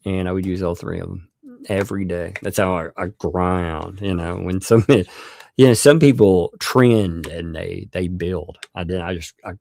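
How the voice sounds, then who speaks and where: A man's voice: low voice, normal speed, creaky, warm tone, slight background noise. A man hosting a casual live stream, rambling and chuckling as he thanks each new member in turn. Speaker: livestream host.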